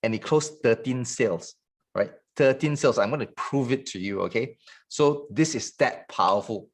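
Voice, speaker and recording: Brief: male sales trainer, mid-pitched, quick joking pitch. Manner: fast, joking, salesy patter.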